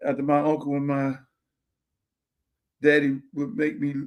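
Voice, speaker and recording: A man's voice: on the high side, monotone, measured pace. A man in his sixties hosting a podcast, talking in an impassioned, preachy way, repeating himself and swearing freely. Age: 60s. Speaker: podcast host. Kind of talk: casual monologue. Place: home theater room.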